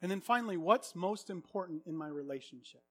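Earnest high-voiced male preacher. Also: expressive, brisk. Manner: earnest, swings from hushed to loud exclamations. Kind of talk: sermon.

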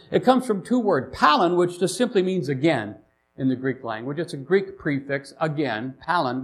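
A man preaching a sermon in a church, animated and emphatic, dropping to asides between rises. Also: fairly high pitch, a little hiss or hum. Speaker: pastor.

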